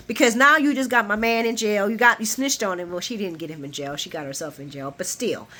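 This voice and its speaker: A woman host doing a casual, animated recap vlog of a soap opera. She curses freely, laughs often, and acts out the characters' lines as she retells scenes. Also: medium pitch, a little fast, few pauses.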